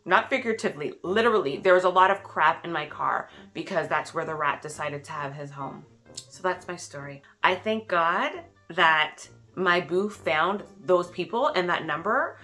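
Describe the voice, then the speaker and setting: A woman in her thirties telling a story to her followers, animated and acting out the quotes with big jumps in pitch. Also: moderate pace, soft background music. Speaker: vlogger. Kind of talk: casual storytelling.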